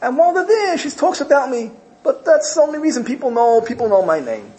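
A man's voice: very high voice, big pitch swings, fairly quick, mellow, voice pushed up. A man voicing a humble, self-effacing old rabbi who keeps deflecting praise. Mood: insistent.

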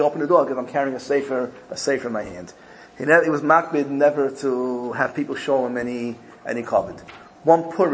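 In a low-quality recording with slight background noise, a man with a medium-pitched, somewhat mellow voice teaches a Torah class through storytelling. He often repeats and restarts words while searching for the right phrasing.

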